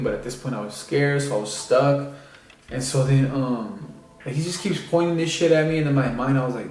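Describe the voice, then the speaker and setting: A man's voice: medium pitch, fairly quick, darkish tone, a little hiss or hum. A young man telling a personal story in a casual, rambling way, with many fillers. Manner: rambling, filler-heavy, lots of "like" and "you know". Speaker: vlogger. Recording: echoey room, distant mic.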